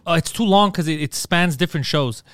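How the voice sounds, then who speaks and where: A podcast host with a voice pitched a little high tells a story in a rush of animated, foul-mouthed chat. He keeps tossing in bro and dude. The sound is close and dry, with no room around it. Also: brisk, no room sound.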